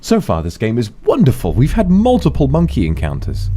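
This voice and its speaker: A man streaming a game, chatting playfully to viewers and squealing excitedly at the animals he meets. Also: medium pitch, brisk. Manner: excitable, squeals at animals and mimics their calls. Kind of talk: gaming livestream commentary.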